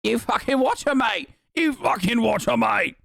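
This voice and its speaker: A man's voice: very high voice, lively intonation, moderate pace, vocal fry, no echo, studio quality, voice pushed up, exaggerated voice. A man doing a put-on British accent as a taunting, threatening young lad. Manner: taunting, slangy, shouty. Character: mocking rowdy male British lad, threatening.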